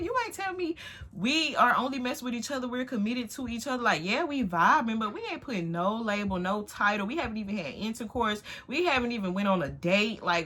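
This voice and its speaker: A woman in her twenties telling a story in casual vlog chat to a phone camera, animated, dropping to hushed asides and jumping up to loud exclamations. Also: fairly high pitch, a little fast. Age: 20s. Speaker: vlogger. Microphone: phone on tripod.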